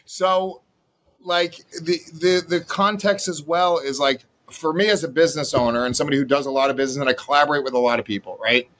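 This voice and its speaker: A man's voice: on the high side, steady tone, fairly quick, a bit bright. A man who owns a business, speaking in a matter-of-fact way in a casual podcast debate. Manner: matter-of-fact, mock-courtroom banter. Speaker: business owner.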